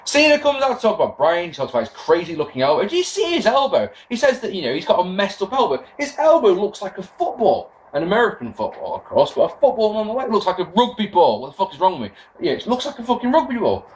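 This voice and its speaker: A man's voice: high voice, fast, few pauses, slight background noise. A young man recapping a wrestling show in a casual, sarcastic rant, swearing as he goes. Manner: sarcastic, swearing, animated rants. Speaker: wrestling podcast host.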